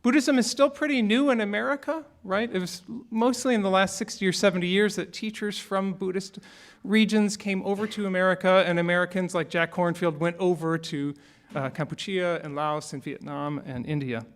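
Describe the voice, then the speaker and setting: Male minister, fairly high voice, relaxed conversational sermon with humor. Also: moderate pace. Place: church sanctuary.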